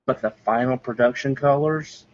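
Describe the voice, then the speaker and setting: Speaking at a moderate pace with a medium-pitched voice, a male podcast co-host rambles enthusiastically in casual conversation. He keeps restarting his sentences, and the lo-fi audio sounds muffled.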